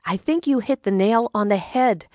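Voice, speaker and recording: A woman voicing a wry, sharp-tongued older mother who speaks sarcastically in a raised, exclaiming voice. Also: mid-range voice, moderate pace, dry recording, pitched above the performer's own voice, lightly acted. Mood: curious.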